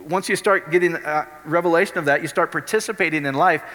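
A middle-aged man preaches with a forceful, bright edge. He talks animatedly and keeps checking in with the crowd. His voice rings out with a long hall reverb. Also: fairly high pitch, fast. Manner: animated, keeps asking the crowd if it makes sense. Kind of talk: sermon.

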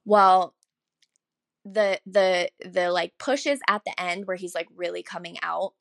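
A young woman telling a personal story as a podcast guest, chatty and animated, full of likes and self-corrections, acting out the voices of the people she quotes. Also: slow, creaky, dry recording. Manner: animated, acts out quoted voices with big pitch jumps. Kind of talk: casual storytelling.

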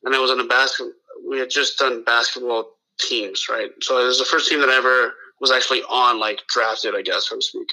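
A man's voice: medium pitch, fairly even intonation, fairly quick, few pauses, bright, forceful tone, rough recording. A man from the Los Angeles area telling a long story in casual chat, profane and full of restarts and quoted dialogue.

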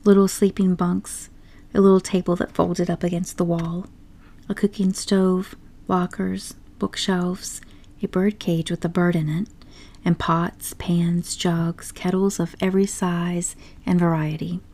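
A woman narrating a classic story aloud in a measured, expressive way. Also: on the low side. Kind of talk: audiobook storytelling.

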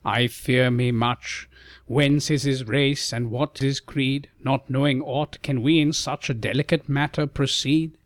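A man voicing a gentle, worried king and father in an audiobook ballad, measured and anxious. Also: mid-range voice, steady tone, no echo, studio quality, close to an everyday voice.

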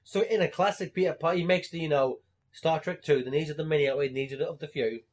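Young male co-host, slightly high voice, animated storyteller, swears often. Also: fast. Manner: animated storytelling, swearing freely, bursts of laughter. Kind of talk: casual chat.

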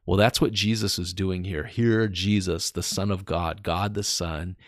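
Low-voiced man teaching the Bible casually. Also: steady tone, dry recording, studio quality. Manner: conversational, reads scripture slowly with emphasis.

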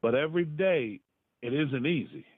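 A man giving a personal testimony, halting, hesitant and earnest. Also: on the high side, breathy edge, dry recording. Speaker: guest sharing his story. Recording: tinny phone line, dry.

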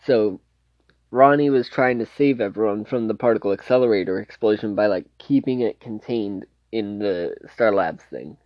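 A man's voice: on the low side, moderate pace, no room sound, dull audio. A man casually recapping a TV show's plot, rambling and restarting as he loosely quotes the scenes. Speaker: TV show reviewer.

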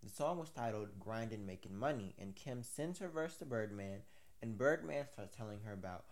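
A man's voice: on the low side, lively intonation, normal speed. A man hosting a casual commentary, recapping a story with rambling, chatty asides. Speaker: commentary host.

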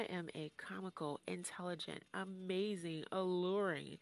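A woman's voice: deep voice, normal speed, gravelly. A middle-aged American woman hosting her own podcast, talking in a playful, self-mocking way and laughing at her own jokes. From United States. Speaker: podcast host. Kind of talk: casual solo podcast intro.

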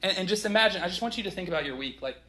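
A pastor in his thirties delivers a sermon in a relaxed, conversational way, full of asides and stories. His voice sits a little high for a man and sounds bright and forward. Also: racing. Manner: conversational, animated storytelling with many "like" asides.

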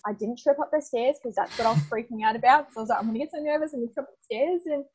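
A young adult woman, a podcast guest, telling her story in casual, animated talk, acting out dialogue and often laughing. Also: on the high side, very fast, a little hiss or hum, poor audio.

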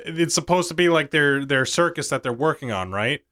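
A man with a somewhat high, bright and forceful voice talks through a movie plot with his co-host. He rambles, swears freely and keeps breaking into laughter. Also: lively intonation, moderate pace. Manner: rambling, profane, laughs often. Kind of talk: casual podcast movie recap.

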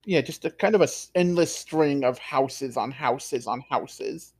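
A man's voice: medium pitch, measured pace, a little mellow, husky. A man playing a tabletop game, explaining his character's world in a loose, rambling way. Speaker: player. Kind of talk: tabletop role-play.

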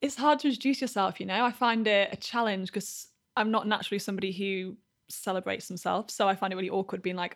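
A woman's voice: mid-range voice, steady tone, fast. A young woman, a podcast guest talking about herself in an upbeat, self-effacing way. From Yorkshire, north of England. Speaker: guest, blogger. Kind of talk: casual interview chat.

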